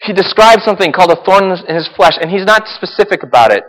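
A man preaching a sermon as a pastor. He swings from loud, intense passages to hushed, soft ones and laughs now and then. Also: high-pitched, animated, quick pace. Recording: reverberant hall.

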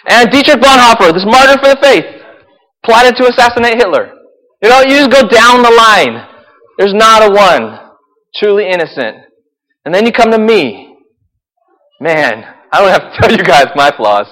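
A man preaching a sermon as a pastor. He swings from loud, intense passages to hushed, soft ones and laughs now and then. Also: high-pitched, very animated, normal speed. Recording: reverberant hall.

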